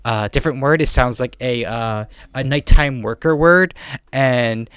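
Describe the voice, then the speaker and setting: A man's voice: mid-range voice, a bit bright, clean tone, dry recording. A man with a heavy non-native accent, chatting casually as a podcast host, rambling with lots of fillers and restarts. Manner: rambling, fast talker with many fillers and restarts. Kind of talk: casual chat.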